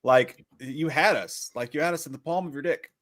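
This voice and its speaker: A man co-hosting a casual movie chat, excitable and joking with crude banter. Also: on the high side, moderate pace. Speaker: co-host.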